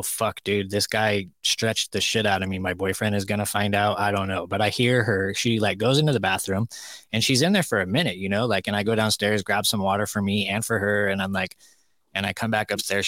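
A man's voice: fairly low pitch, fairly even intonation, fairly quick, a bit bright, dry recording. A man co-hosting a casual chat podcast, telling stories in a blunt, profane way. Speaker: co-host.

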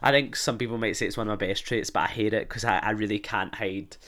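A man's voice: fairly low pitch, steady tone, fast, fairly bright tone. A young man with a Glasgow accent, hosting a podcast in casual, rambling, sweary comic chat. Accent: Glaswegian Scottish. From Scotland. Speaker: podcast host.

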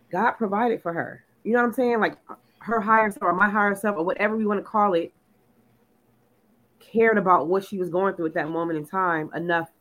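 A woman telling a personal story in casual chat, animated and full of "like", acting out what people said. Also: lowish voice, low-quality recording. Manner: animated storyteller, lots of "like", acts out quotes. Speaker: podcast co-host.

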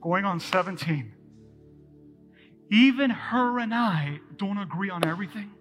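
A male pastor preaching to a live congregation in a church, his voice pitched high and ringing bright. He speaks with energy and turns often to address the people in front of him. Soft music plays faintly behind him. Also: expressive, unhurried. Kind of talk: live sermon.

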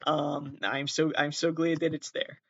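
A man's voice: a little high, flat delivery, unhurried, no room sound, lo-fi sound. A man with a Midwestern accent hosting his own podcast, reading aloud in a casual comedic way and often breaking into giggles and apologies. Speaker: podcast host.

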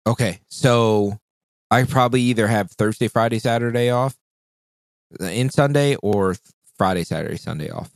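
A young man with a fairly low voice tells loose, rambling stories in casual podcast chat, swearing freely and acting out other people's lines. The recording is dry and close, with no room sound. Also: normal speed, no echo. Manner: rambling storyteller, swears a lot, acts out quotes. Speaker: podcast co-host.

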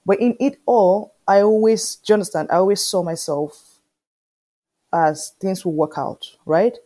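A woman, an animated storyteller in an interview who keeps asking whether you understand. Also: mid-range voice, a little slow. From Nigeria. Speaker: interview guest. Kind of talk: conversational interview.

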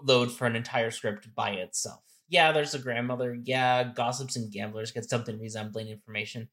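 A podcast co-host with a fairly bright, mid-range voice explains board game strategy casually, full of fillers and restarts.

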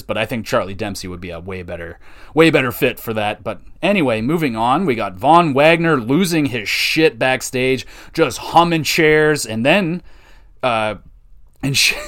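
A man's voice: mid-range voice, fairly bright tone. A man hosting a solo podcast, casually reviewing a wrestling show in a loose, rambling way with frequent fillers and casual swearing.

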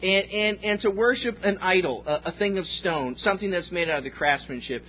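Husky high-voiced pastor. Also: male voice, fairly quick, highs cut off. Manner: folksy storytelling with jokes. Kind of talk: sermon.

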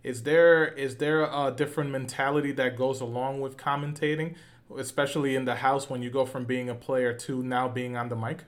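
A man's voice: mid-range voice, fairly even intonation, normal speed. A man hosting a casual interview, asking loose, rambling questions with fillers. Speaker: interviewer, host.

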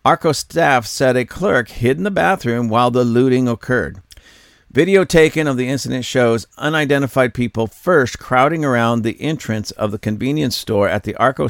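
A man reads a news piece aloud and talks it over, and he keeps cracking up with laughter. His voice is gravelly with a crackle at the low end. The mic is close and the room is dry, with no echo. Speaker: commentary channel host. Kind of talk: reading news and commenting.

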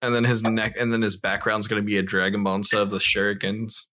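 A man's voice: on the low side, flat delivery, quick pace, sharp tone. A man hosting a casual podcast over a video call, joking with crude banter. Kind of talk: casual chat.

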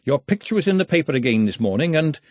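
Brief: man playing a sharp, bossy woman cook, raised voice, slightly husky. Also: fairly high pitch, very animated, fast talker, no room sound, pitched above the performer's own voice. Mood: firm. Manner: snappish, bossy, motherly. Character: brisk no-nonsense woman, head cook.

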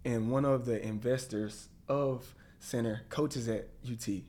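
A man telling a lively story as a guest in an interview, acting out the voices of people he quotes. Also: mid-range voice, a little slow.

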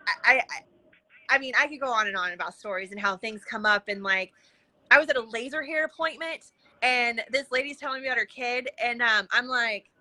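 A woman guest on a podcast, telling animated stories and acting out what people said, with lots of casual fillers. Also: a little high, brisk, poor audio. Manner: lively, acts out quoted dialogue with many fillers. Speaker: interview guest, intuitive coach. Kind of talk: animated conversational storytelling.

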